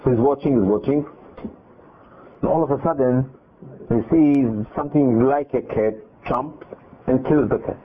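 A man's voice: mid-range voice, normal speed, long pauses. Man retelling a Torah story over phone. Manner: animated retelling with quoted dialogue and restarts. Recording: tinny phone-line audio.

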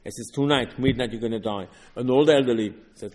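A man giving a Torah lecture, emphatic, swinging between loud and soft and repeating words. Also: mid-range voice, quick pace, hardly any pauses. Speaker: rabbi. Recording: long reverb, slightly husky voice.

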